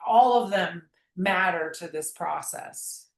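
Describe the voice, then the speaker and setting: Speaking slowly in a fairly low voice, a woman discusses her memoir as an interview guest, earnest and meandering, frequently starting her sentences over. The audio is poor and the room sounds echoey.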